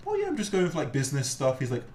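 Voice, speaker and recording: A man's voice: on the high side, racing. A young man hosting, casually telling stories and acting out the people in them. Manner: animated storyteller, acts out voices. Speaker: host. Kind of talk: casual chat. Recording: echoey room, faint background noise.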